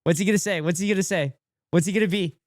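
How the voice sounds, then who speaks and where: Male streamer, excitable live reaction host, close dry mic. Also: sits high, very fast, no room sound. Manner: excitable, repeats phrases, laughs often. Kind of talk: casual reaction commentary to chat.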